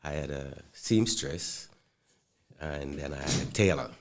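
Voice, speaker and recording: A Jamaican man with a strikingly deep, low voice talks as a podcast guest. He tells his stories in an easygoing way and pauses often on fillers. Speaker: guest, clothing designer. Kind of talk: interview talk.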